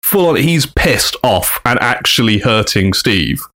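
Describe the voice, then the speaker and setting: A man's voice: medium pitch, unhurried. A man co-hosting a podcast, telling a story casually and acting out the quotes. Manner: animated, acts out quotes in big voices. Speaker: podcast co-host.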